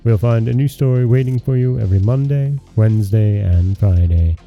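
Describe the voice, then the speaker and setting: A man hosting a podcast and reading a fairy tale aloud in a calm, measured narration. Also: fairly low pitch, phone-quality sound, faint music behind. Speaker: podcast host and storyteller.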